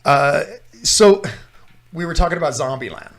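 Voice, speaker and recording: A man's voice: a little high, animated, normal speed. A man co-hosting a casual talk show, rambling with frequent restarts and laughter. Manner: rambling, restarts often, laughs while talking. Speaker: podcast co-host. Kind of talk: casual chat.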